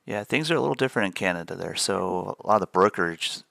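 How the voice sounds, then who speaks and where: A middle-aged man talks through his day trades in a relaxed live stream, musing aloud over the charts. His voice sits low and has a gravelly edge with a crisp, bright tone. The sound is dry and close. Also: quick pace, dry recording. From United States. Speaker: day trading stream host. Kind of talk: casual live-stream commentary.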